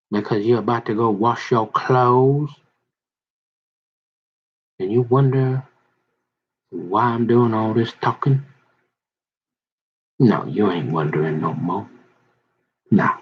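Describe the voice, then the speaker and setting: Slow, husky man in lo-fi audio. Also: fairly low pitch. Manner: slow, meandering, trailing asides, folksy. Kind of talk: rambling casual monologue. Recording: dull lo-fi recording.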